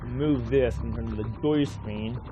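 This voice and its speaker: A man's voice: medium pitch, measured pace, music in the background. A man giving rambling, casual commentary while streaming a game, swearing offhandedly now and then.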